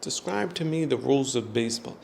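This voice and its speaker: A man's voice: medium pitch, animated, a little fast, gravelly, a little mellow, slight background noise, pitched above the performer's own voice. A man voicing a suspicious frontier militia soldier who bluntly questions a captured stranger.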